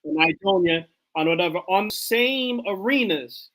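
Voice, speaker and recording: A man's voice: high voice, animated, normal speed, fairly bright tone. A man hosting a casual live chat, loose and conversational, with lots of filler words. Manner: loose and conversational, many "like" and "you know" fillers. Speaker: host.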